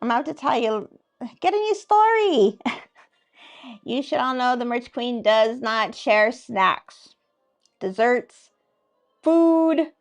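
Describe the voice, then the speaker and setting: High-voiced playful woman livestream host. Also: expressive, takes it slowly, long pauses, soft background music. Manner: playful, laughs often, teasing. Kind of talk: casual livestream chat, reading viewer comments aloud.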